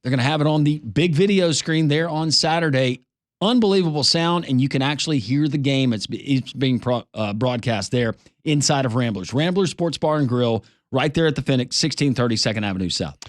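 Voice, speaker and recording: A man hosting a sports talk radio show, doing a live-read ad in an upbeat pitchman delivery. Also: a little fast, dry recording, clean studio sound.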